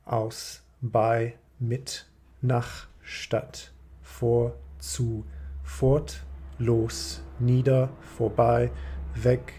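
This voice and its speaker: A man teaching a language lesson, explaining grammar step by step in a measured, methodical way. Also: medium pitch, vocal fry, dark tone, slightly rough.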